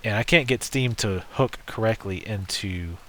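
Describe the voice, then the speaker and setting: A man's voice: lowish voice, moderate pace, pushed and bright. A man giving casual, joking and rambling commentary while playing a video game. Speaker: let's play host.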